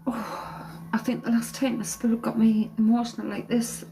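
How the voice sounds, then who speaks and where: A woman working as a psychic medium on a live stream, tearful and emotional, talking in halting phrases broken by sighs. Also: a little high, level tone, creaky, warm tone, a little hiss or hum, poor audio. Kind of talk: live-stream spirit reading. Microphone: phone or webcam on a live stream.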